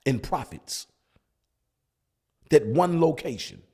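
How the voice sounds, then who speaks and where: A man's voice: mid-range voice, lively intonation, slow pace, mellow, breathy edge. A male pastor preaching at a Bible study, hammering points with repeated rhetorical questions. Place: church.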